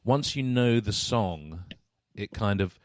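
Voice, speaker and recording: A man with a fairly low voice hosts a casual conversation, jumping in with eager questions and tripping over repeated words. The sound is close and dry. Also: expressive, slow, no room sound. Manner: enthusiastic, stammering restarts. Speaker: podcast host. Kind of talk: casual interview chat.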